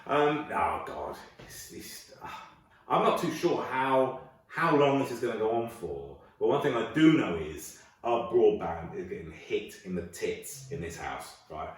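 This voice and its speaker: A man's voice: fairly low pitch, sing-song, unhurried. A man doing a crude, chatty stand-up comedy set from home. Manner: chatty, crude, swaps into character voices. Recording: echoey room, distant mic.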